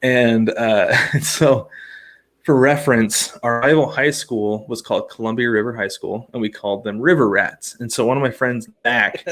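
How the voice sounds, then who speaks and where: A man's voice: medium pitch, normal speed. A man in his thirties, a podcast co-host, telling a long funny story in casual chat, laughing often and acting out what people said. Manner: animated, laughs often, acts out quoted voices.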